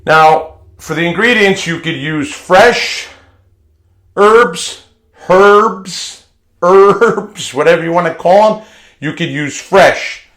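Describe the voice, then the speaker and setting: A man's voice: a little high, measured pace, fairly bright tone. A man talking through a home recipe in a chatty, folksy way, often repeating words and restarting phrases. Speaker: home cooking vlogger. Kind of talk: casual cooking demonstration. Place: home kitchen.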